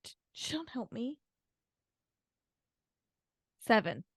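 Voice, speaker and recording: Lively, playful woman podcast host. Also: on the high side, normal speed, husky, no echo, clean studio sound. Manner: playful and self-mocking, laughing a lot. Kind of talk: casual chat.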